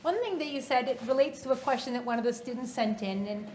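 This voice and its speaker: A woman's voice: fairly high pitch, lively intonation, quick pace, darkish tone, a little hiss or hum. A woman, a university dean, hosting a fireside chat and relaying a student's question with some hesitant fillers.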